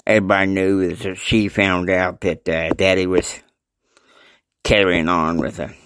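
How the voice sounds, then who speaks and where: A man's voice: sits low, flat delivery, unhurried, a bit bright, smooth, no echo, rough recording. A man casually narrating a homemade family story, rambling with many fillers and laughs.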